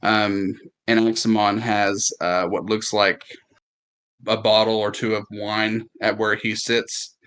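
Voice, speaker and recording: A man narrating as game master in a tabletop game, describing scenes haltingly and with many fillers. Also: lowish voice, level tone, a bit bright, clear, resonant tone.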